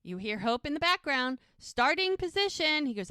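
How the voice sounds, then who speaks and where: A woman hosting a podcast, retelling scenes in a casual, animated way, acting out the characters' lines and laughing often. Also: high voice, moderate pace, no echo, clean studio sound. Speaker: podcast host. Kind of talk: casual episode recap.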